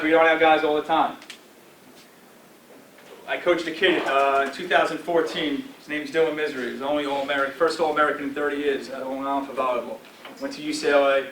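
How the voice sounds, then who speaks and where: Addressing a football team in their meeting room, this guest speaker in his forties delivers a motivational talk with a mid-range, fairly bright voice. His coaching manner is direct, peppered with "all right?" and "right?". Recorded far from the mic, the sound carries roomy echo, faint ambience and slight background noise.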